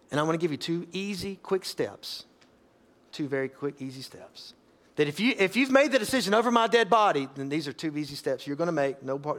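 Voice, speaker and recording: A pastor preaching a sermon, emphatic and folksy, rising to loud exhortation and dropping to quiet asides. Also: male voice, mid-range voice.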